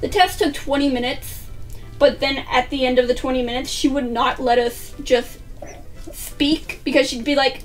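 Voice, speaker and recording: A woman's voice: high-pitched, steady tone, moderate pace. A woman chatting through a storytime vlog, casual and swearing now and then as she acts out what people said. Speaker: vlogger. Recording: distant mic with faint music.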